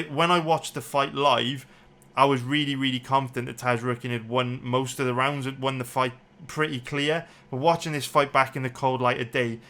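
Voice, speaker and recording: Man, bright tense voice, heated fight analysis, swearing, repeats words. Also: mid-range voice. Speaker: MMA betting analyst. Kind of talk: angry fight breakdown commentary.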